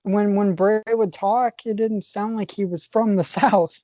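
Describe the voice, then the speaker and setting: A woman co-hosting a casual wrestling podcast, chatty and quick to laugh. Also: mid-range voice, fairly even intonation, warm tone, a little hiss or hum. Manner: chatty, laughs often between remarks. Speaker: podcast co-host.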